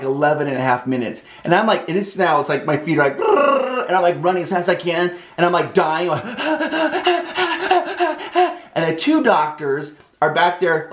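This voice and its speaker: A man telling a personal story in a casual, animated way, with lots of "like" fillers. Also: a little high, roomy sound.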